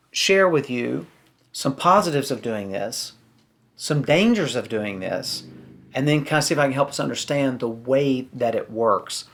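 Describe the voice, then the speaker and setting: A man's voice: fairly high pitch, fairly bright tone. A man giving a teaching sermon in an earnest way, reading scripture aloud and acting out sample prayers, sometimes repeating words for emphasis. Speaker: pastor.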